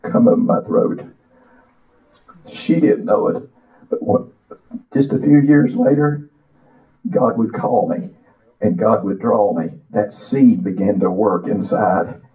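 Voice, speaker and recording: An older man preaching a sermon, reciting a poem and telling his own story with impassioned, drawn-out phrases. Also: lowish voice. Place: church. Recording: echoey, distant, dull church audio.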